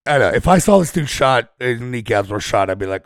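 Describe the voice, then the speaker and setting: Brief: joking male co-host, lively swooping pitch, dry close sound. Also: a little fast, no room sound. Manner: joking, swings between mutters and loud outbursts. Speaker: podcast co-host. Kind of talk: casual podcast chat.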